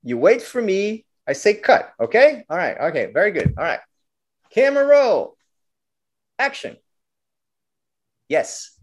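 A man voicing a bossy adult male film director who gives brisk, clipped commands in a coaxing tone. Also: high voice, very animated.

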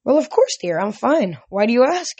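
A woman's voice: a little high, very animated, normal speed, a little mellow, slightly rough, no echo, lo-fi sound, pitched above the performer's own voice, exaggerated voice. A woman voicing a frail, confused old mother who talks sweetly and dreamily while reading a novel aloud. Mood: dotty.

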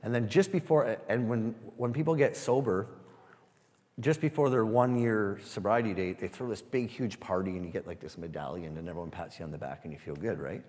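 A man giving a sermon testimony, halting and repeating words as he speaks to a church. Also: fairly low pitch, darkish tone, long reverb tail. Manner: halting, repeats words, asks the room "Amen?".

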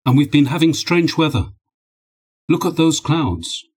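A man's voice: on the high side, expressive, measured pace, breathy edge, voice pushed up. A man reading a laconic male admiral in a storybook, matter-of-fact and dry.

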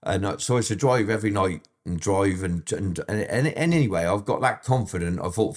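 Man, middle-aged, lowish pitch, blunt, sweary, rambling storyteller. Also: lively intonation, a little fast, hardly any pauses. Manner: blunt, profane, rambling with restarts. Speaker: interview guest. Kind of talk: casual storytelling, heavy swearing.

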